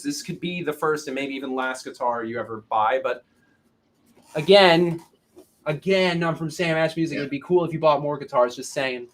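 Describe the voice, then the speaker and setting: A man's voice: fairly high pitch, pushed and bright. A man hosting a casual guitar demo for a music store, joking and self-deprecating about having to sell the product.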